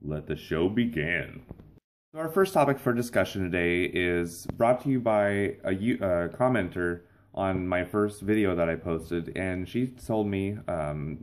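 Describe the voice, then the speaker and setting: A man's voice: sits low, darkish tone. A young adult man hosting his own vlog, telling rambling, playful stories in a casual monologue. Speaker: vlog host.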